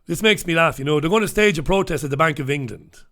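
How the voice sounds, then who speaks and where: A British host with a slightly high, bright, pushed voice speaks fast with lively intonation, ranting sarcastically through the day's newspapers. His scathing monologue review is full of swearing.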